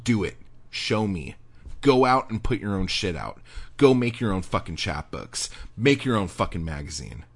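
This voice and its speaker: A middle-aged man hosting a podcast, delivering an angry, profane rant that swings from low muttering to shouting. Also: very animated, normal speed, husky. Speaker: podcast host. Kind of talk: profane ranting monologue.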